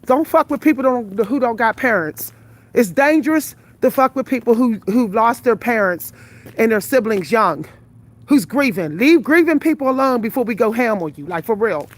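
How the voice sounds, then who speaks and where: A woman's voice: on the high side, animated, normal speed. A tired, out-of-breath woman in her forties talks bluntly and profanely to her viewers while walking outdoors at night, filming on a phone. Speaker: vlogger. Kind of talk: live vlog while walking. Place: outdoors on a night street walk.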